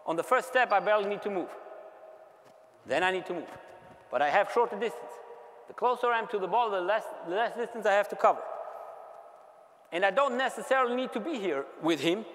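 German-accented coach in an echoing gym. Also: male voice, high-pitched, lively intonation. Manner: instructive, shouts quick repeated commands during drills. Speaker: basketball coach. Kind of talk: on-court coaching clinic. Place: large indoor basketball gym. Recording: long reverb of a large gym. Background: basketballs bouncing.

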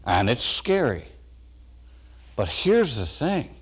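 A pastor preaching a sermon to his congregation, folksy and animated, swinging between loud bursts and quiet asides. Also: mid-range voice, slow pace, breathy edge. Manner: folksy, talks straight to the congregation.

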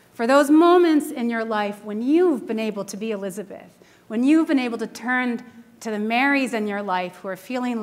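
A woman in her forties, a minister giving a conversational sermon full of stories, who often laughs. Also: on the high side. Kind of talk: storytelling sermon. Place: church sanctuary.

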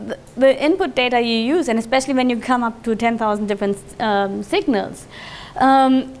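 A woman giving a conference talk to an audience, telling stories in a lively way and laughing often. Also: a little high, normal speed, a little hiss or hum. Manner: lively, with frequent restarts and fillers. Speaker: conference speaker. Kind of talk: live talk with audience questions.

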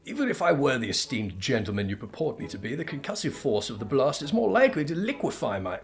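A man voicing a pompous, befuddled gentleman inspector turned zombie, speaking in a grandiose, theatrical, old-fashioned way. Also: mid-range voice, big pitch swings, fast, soft background music, voice pushed up.

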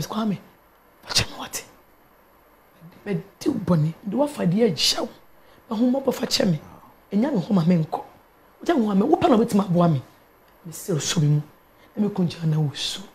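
Speaking in a mid-range voice with a Ghanaian accent, this middle-aged pastor and guest recounts a personal testimony. Her storytelling is animated, and she moves back and forth between Twi and English.

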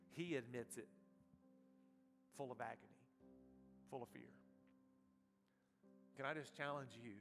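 Impassioned preacher in a reverberant church. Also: male voice, medium pitch. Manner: impassioned preaching, surging loud then dropping soft. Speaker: pastor. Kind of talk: sermon. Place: church sanctuary. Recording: reverberant church hall with soft guitar.

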